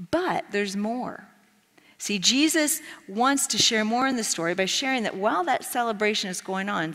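A woman preaching a sermon, telling a story in an animated way and acting out the quoted lines. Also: medium pitch, in a large hall. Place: church sanctuary.

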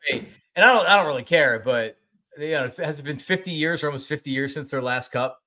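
A man's voice: on the high side, fast, sharp tone. A middle-aged man hosting a casual sports talk show, rambling, complaining and swearing casually.

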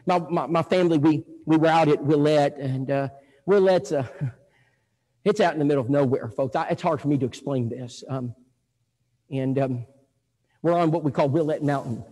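Preacher, folksy storyteller, husky higher voice, church hall reverb. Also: male voice, mellow. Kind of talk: sermon with storytelling. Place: church auditorium. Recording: echoey hall.

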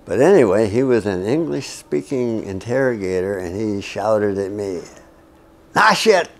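An older man, a veteran interviewee, telling a personal story in a wry, frank way with halting restarts. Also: on the low side, mellow.

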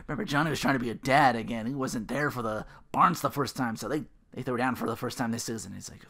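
A man giving a casual, rambling episode recap, swearing freely and quick to laugh. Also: medium pitch, a bit bright. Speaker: show recap host.

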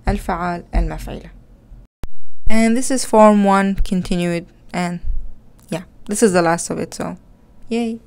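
A woman teaching an Arabic grammar lesson. She explains in English, reads Arabic example words aloud and often corrects herself with a quick "sorry.". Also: lowish voice, gravelly, a little mellow. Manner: self-correcting, with frequent "uh, sorry" slips.

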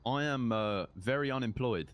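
A man's voice: mid-range voice, moderate pace, a bit bright. A man doing in-character game roleplay, cheeky and bantering. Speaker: roleplay gamer playing a driver.

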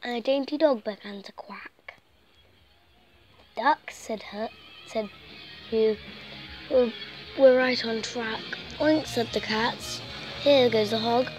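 A woman reading a children's picture book aloud in an animated way, often dropping into soft whispers and stumbling over words. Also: fairly high pitch, slow pace, long pauses, over music, rough recording. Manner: animated, slips into soft whispers and tripping restarts.

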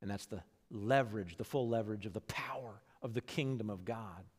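A man preaching a sermon as pastor, talking conversationally and swinging between hushed, low moments and lively, animated bursts. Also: a little fast, breathy edge. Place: church sanctuary. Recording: long hall reverb.

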